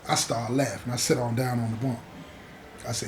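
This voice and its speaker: Give me a man telling a prison story, animated and slangy, with faint background noise. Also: medium pitch, moderate pace, reverberant. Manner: animated, slangy, acts out dialogue. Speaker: host.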